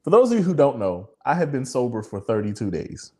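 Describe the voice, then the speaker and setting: A man's voice: medium pitch, sing-song, fairly quick, dark tone. A man in casual podcast talk whose voice swings widely up and down. He speaks openly and emotionally, swears freely and breaks into laughter between sentences. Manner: emotional, laughing, profane, confessional. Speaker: podcast co-host. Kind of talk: candid casual chat.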